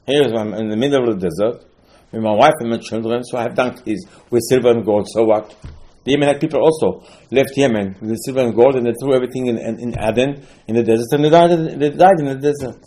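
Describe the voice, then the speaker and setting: A man teaching a storytelling Torah class in non-native English phrasing. He acts out the people he quotes, with sudden loud outbursts and quiet asides. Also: medium pitch, fast talker.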